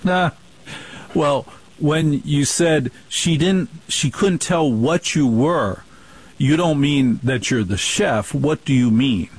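A man's voice: a little high, takes it slowly, slightly rough, low-quality recording. A man hosting a radio interview, asking questions in an enthusiastic way. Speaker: radio host.

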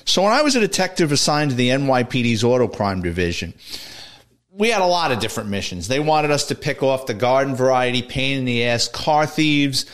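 A man's voice: medium pitch, fairly bright tone. An older man, a retired police detective, telling a work story in a plain, blunt way. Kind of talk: storytelling radio segment.

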